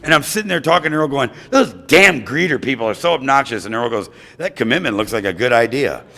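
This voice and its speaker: Animated American man telling his story. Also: mid-range voice, fast talker, gravelly. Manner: animated, acts out voices of others. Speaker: recovery meeting speaker. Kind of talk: storytelling talk at a recovery meeting.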